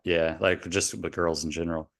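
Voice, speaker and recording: A man with a fairly low voice, co-hosting a relaxed podcast. He rambles and hesitates, circling back on his words as he thinks out loud. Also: normal speed, creaky. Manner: rambling, hesitant, lots of fillers and restarts. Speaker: podcast co-host. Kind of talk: casual chat.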